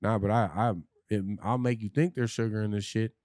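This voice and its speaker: A man's voice: lowish voice, fairly even intonation, a little fast, darkish tone, smooth, dry recording, studio quality. A man, a podcast guest, telling his own story candidly and bluntly, with profanity and frequent restarts.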